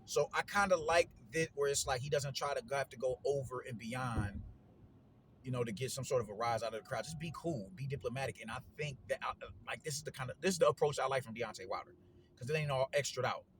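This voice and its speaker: A man giving casual solo commentary on boxing, slangy and animated, repeating himself and leaning on fillers. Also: medium pitch, quick pace, a little hiss or hum.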